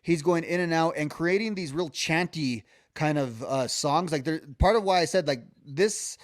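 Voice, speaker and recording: A man chatting on a podcast, voice sitting a little high for a man. He rambles, restarts his sentences and fills gaps with "like" and "um." The recording is dry and close, with no room sound. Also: normal speed, no echo. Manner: rambling, many restarts and fillers, hums melodies. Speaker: podcast co-host. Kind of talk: casual music discussion.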